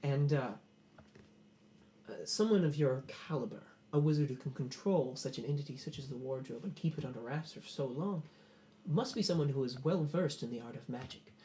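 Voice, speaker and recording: A man playing a smooth, ambitious nobleman who speaks formally and hesitates often. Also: medium pitch, moderate pace, dark tone, slight background noise, lightly acted. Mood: scheming.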